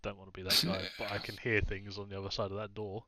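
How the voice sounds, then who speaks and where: A man's voice: fairly low pitch, flat delivery, quick pace, crowd noise. A man playing in a tabletop game, joking around and laughing often. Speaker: player. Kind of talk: casual chat at a tabletop game.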